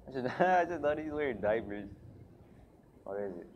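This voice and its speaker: A man's voice: medium pitch, expressive, moderate pace, muffled recording. Swearing, jumpy man doing horror let's-play commentary over a noisy home mic. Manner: jumpy, swearing, prone to panicked shouting. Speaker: gaming video creator.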